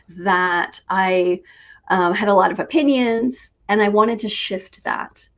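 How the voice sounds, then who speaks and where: Brief: woman spiritual teacher, mid-pitched, unhurried storytelling with pauses. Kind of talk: reflective teaching talk with personal story.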